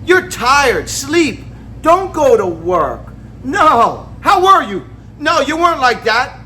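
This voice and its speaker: A man giving a motivational monologue in an emphatic, profane way, often breaking into shouts. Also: very high-pitched, slight background noise. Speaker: motivational speaker.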